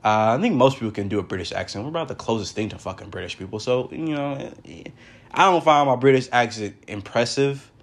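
Young male podcast host, animated pitch, rambling slangy delivery, casual and unscripted. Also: brisk. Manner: rambling, loose slangy talk, laughs often. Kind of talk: casual solo podcast monologue.

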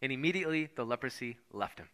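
Bright-voiced man preaching a sermon. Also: medium pitch, animated, fast talker. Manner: conversational, acts out voices of the Bible figures. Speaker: pastor.

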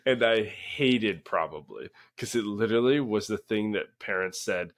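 A man in his thirties chatting casually as a podcast co-host, telling animated stories and acting out his kids' lines. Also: lowish voice, normal speed. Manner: animated storyteller, acts out his kids' voices. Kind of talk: casual chat.

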